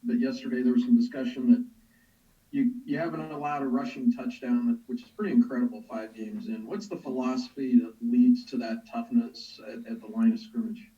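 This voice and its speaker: A man's voice: mid-range voice, steady tone, fairly quick, mellow, distant mic, dull audio. A male reporter asking a player questions in a conversational way over a video call. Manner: conversational, with some restarts. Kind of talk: press conference questions.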